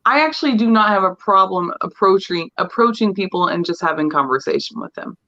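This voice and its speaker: A woman's voice: mid-range voice, lively intonation, brisk, sharp tone. A woman co-hosting a casual podcast chat, candid and chatty, laughing as she talks. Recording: dull lo-fi sound.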